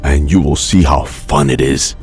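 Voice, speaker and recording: A man voicing a cannibal hunter father who is stern and gleeful, calm and coaxing. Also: very deep voice, moderate pace, soft background music, voice pushed down.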